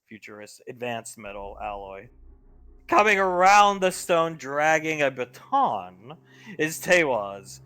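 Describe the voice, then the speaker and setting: Bright-voiced man game master. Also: mid-range voice. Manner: descriptive, steady narration. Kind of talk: narrating a tabletop game.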